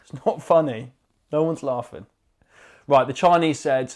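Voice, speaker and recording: A man's voice: medium pitch, measured pace, darkish tone. A man co-hosting a podcast, casual chat, joking and swearing as he acts out voices. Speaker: podcast co-host.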